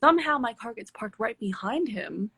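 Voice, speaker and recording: A woman hosting a live stream, telling a personal story in a candid, animated way with plenty of swearing. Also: fairly high pitch, normal speed, creaky, breathy edge, dry recording. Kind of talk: casual storytelling chat. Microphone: phone on a live stream.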